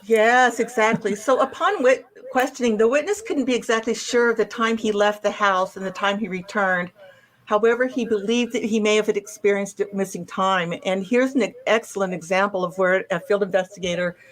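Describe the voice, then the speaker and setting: A woman speaks at a middle pitch as she presents an investigator's case report. She goes step by step with many ums and restarts. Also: normal speed. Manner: recounts a witness account step by step, with frequent restarts and ums.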